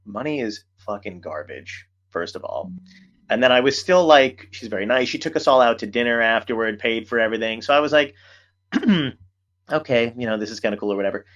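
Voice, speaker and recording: Male podcast host, casual storyteller, salty language, average pitch, slightly dull recording. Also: fairly quick. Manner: animated storyteller, swears a lot. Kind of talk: casual chat.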